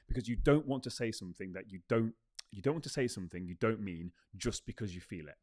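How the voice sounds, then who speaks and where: Racing along in a lowish, darkish voice, this man hosts a self-help podcast, delivering motivational talk with emphasis and repeating key phrases to drive them home.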